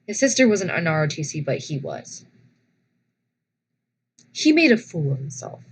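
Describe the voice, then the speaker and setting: A young woman vlogger casually telling personal stories, animated and dramatic, often restarting her sentences. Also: deep voice, moderate pace, slight background noise, rough recording.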